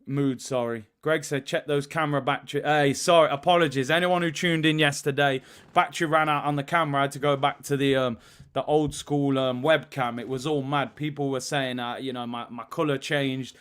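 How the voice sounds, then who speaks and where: A man in his early thirties, possibly, hosts a live football watch-along, chatting casually, reading viewers' messages and shouting them out in lively bursts. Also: medium pitch, fairly quick, clear, resonant tone. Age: 30s. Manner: animated, shouting out viewers and reading super chats. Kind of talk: casual live-stream chat.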